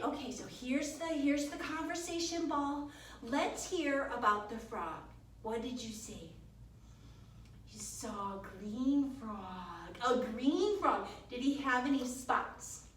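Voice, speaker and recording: A woman guides small children through a yoga class with a bright, sing-song warmth. Her voice sits high, and she is heard from some distance. The studio around her is very echoey, with a faint hiss of room noise. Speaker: kids yoga teacher.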